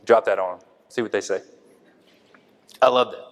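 A man's voice: fairly low pitch, steady tone, moderate pace. A man preaching an informal sermon in a conversational way, thinking aloud with many fillers and restarts. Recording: long hall reverb.

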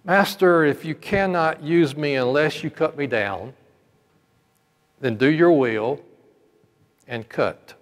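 A man voicing a gentle, devoted male bamboo plant that pleads with his master, in a sermon story. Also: fairly high pitch, slow, pauses often. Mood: surrendering. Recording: long hall reverb.

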